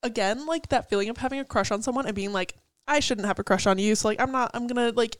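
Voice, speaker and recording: A woman's voice: fairly high pitch, fast, dry recording. A young woman co-hosting a casual chat, picking apart song lyrics in a chatty way full of "like" and the odd swear. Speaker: co-host.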